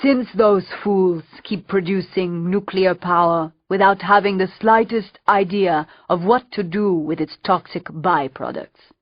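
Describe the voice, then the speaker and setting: An odd, machine-like villain who is only partly human, cold and commanding, as a woman narrator puts him on with a lowish pitch. He speaks in measured, bossy lines, heard on a dull, dry, lo-fi recording. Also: dry recording. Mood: contemptuous. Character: cold part-machine male villain overlord.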